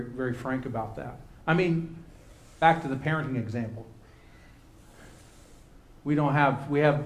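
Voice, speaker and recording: Man, Bible class teacher, conversational, repeats and restarts phrases, slightly high voice, echoey room. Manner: conversational, restarts phrases, rising emphasis on key words. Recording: roomy echo.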